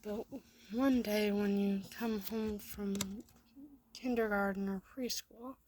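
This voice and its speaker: A woman's voice: medium pitch, steady tone, slow pace, a little mellow, slight background noise. A woman reading a second-person fan story aloud, often in a half-whisper.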